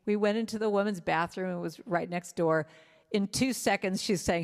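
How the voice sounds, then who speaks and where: Animated woman telling stories in a reverberant hall. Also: mid-range voice, unhurried. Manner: animated, self-deprecating storytelling. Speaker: inspirational speaker and singer. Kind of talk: storytelling talk at a spiritual service.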